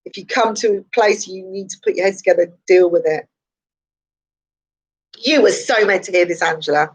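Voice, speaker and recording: During a casual morning live stream, a woman working as a psychic chats in a slightly hoarse, mid-range voice at a moderate pace. She's repetitive and encouraging and laughs a lot, and the recording is rough.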